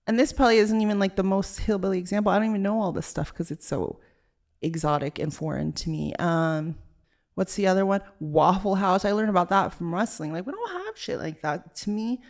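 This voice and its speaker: Brisk and lively in intonation, with a mid-range voice, a young Los Angeles woman hosts a casual solo podcast. She's from Southern California and talks in a chatty valley-girl way, using "like" over and over.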